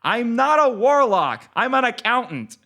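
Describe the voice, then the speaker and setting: A man voicing an exasperated young male accountant in a read-aloud story, often shouting and scornful. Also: extremely high pitch, sing-song, measured pace, pitched above the performer's own voice, heavily acted.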